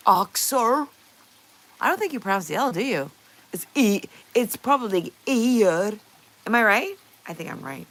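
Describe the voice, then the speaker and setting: A woman's voice: on the high side, sing-song, moderate pace, a bit bright, rough recording. A woman livestreamer chatting casually with her viewers, reading their messages aloud, playful and often laughing.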